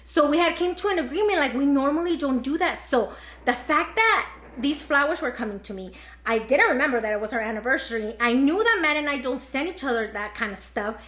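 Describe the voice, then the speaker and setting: High-voiced chatty woman vlogger. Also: animated, a little fast, a bit bright. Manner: chatty, filler-heavy, "like" throughout. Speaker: vlogger, mother. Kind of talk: casual storytelling to viewers. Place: at home. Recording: roomy echo.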